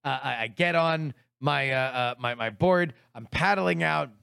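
A man's voice: medium pitch, measured pace, creaky, clean tone, no room sound, clean studio sound. A man telling a comedic story in casual chat, swearing a lot and acting out his own anger. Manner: profane, animated, acts out his own anger in quotes.

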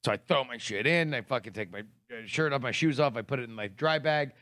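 A man's voice: mid-range voice, brisk, no echo, clean studio sound. A man telling a comedic story in casual chat, swearing a lot and acting out his own anger. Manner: profane, animated, acts out his own anger in quotes.

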